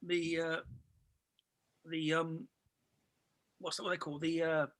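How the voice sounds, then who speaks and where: A man's voice: on the high side, takes it slowly, no echo. A man telling a funny story, acting out other people's lines. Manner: animated, acts out other people's voices. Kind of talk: casual anecdote telling.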